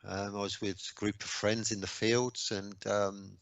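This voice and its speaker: A man in his sixties from England, a radio guest recounting old memories casually, with lots of ums and mounting excitement. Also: on the low side, normal speed, creaky, no room sound. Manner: animated anecdotes, rising excitement, frequent ums. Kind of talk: casual storytelling interview.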